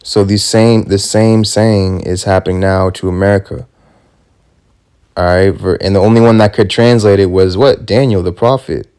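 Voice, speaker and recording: A man preaching a fervent sermon, reading scripture slowly and tacking "man" onto his points. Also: low voice, steady tone, a little mellow, smooth. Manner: emphatic, drops "man" at ends of lines; reads scripture slowly and deliberately.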